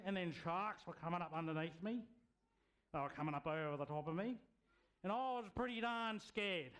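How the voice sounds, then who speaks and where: A man telling an animated story to children at church, often stopping to ask the kids questions. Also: high-pitched. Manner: lively, asks the kids questions.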